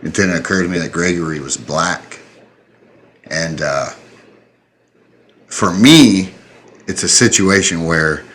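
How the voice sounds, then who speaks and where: A man in his thirties with a low, deep voice tells a story on a podcast. He speaks earnestly and plainly, swears now and then, and sounds choked up and a little tipsy. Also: a bit bright. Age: 30s. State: slightly tipsy. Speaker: podcast host. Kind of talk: emotional storytelling.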